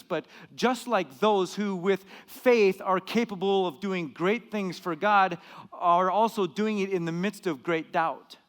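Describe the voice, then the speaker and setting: Dramatic high-voiced male pastor in a reverberant hall. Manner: dramatic, acts out quoted lines, rises in pitch and volume for emphasis. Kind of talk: sermon. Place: church hall.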